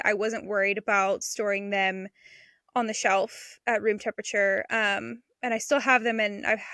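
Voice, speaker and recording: Bright, chatty homesteading woman. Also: a little high, no room sound, clean studio sound. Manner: chatty and enthusiastic, laughs between thoughts. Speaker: podcast co-host and homesteader. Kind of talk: casual chat.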